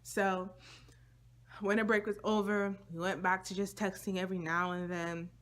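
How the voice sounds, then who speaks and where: A woman's voice: mid-range voice, level tone, normal speed, fairly bright tone. A young woman vlogger telling a personal story to her viewers in a casual, slangy, chatty way.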